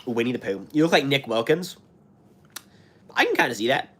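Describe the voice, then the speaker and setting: This channel host, a young man from the United States, rambles through live stream chat and comments, restarting often and leaning on fillers. He speaks at a moderate pace with a medium, slightly bright voice that swings widely in pitch, and his throat sounds sore and scratchy from illness.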